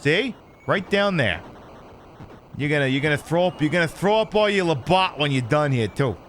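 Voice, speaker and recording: A man's voice: on the high side, moderate pace, a little hiss or hum. A man streaming a video game, trash-talking the opponents with lots of swearing. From United States. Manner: trash-talking, profane, excitable. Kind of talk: live gameplay commentary.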